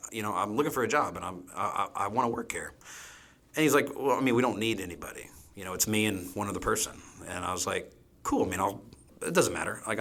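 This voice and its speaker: Deep-voiced chef rambling casually. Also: male voice, fairly bright tone. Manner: rambling, frequent "you know" fillers. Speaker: chef guest. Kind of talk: casual interview talk.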